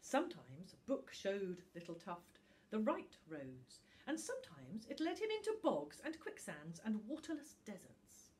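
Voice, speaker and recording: A woman reading a children's storybook aloud as a teacher, in an animated, expressive way with dramatic pauses. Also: medium pitch.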